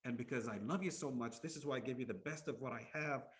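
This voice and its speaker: A man's voice: mid-range voice, fast, natural voice. A man voicing a devoted adult male villager who speaks earnestly and deferentially to a king.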